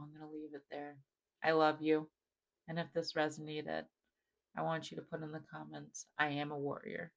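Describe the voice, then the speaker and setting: A man speaks a channeled message to the listener in a gentle, reassuring way, circling back on the same phrases. His voice sits fairly high for a man and carries a strong gravelly fry. He often sinks to a near-hush. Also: low-quality recording. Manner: gentle, affirming, repetitive phrasing with many "like" fillers. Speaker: spiritual channeler reading for viewers. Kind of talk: channeled message spoken straight to the viewer.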